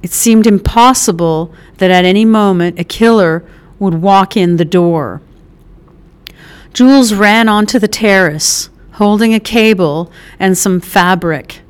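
A woman's voice: medium pitch, a little slow, smooth. A woman reading a novel aloud as an audiobook narrator, lightly voicing the characters, with small restarts.

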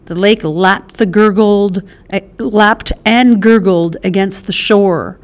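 A woman narrating an audiobook in a measured, expressive way. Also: medium pitch. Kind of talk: scripted narration.

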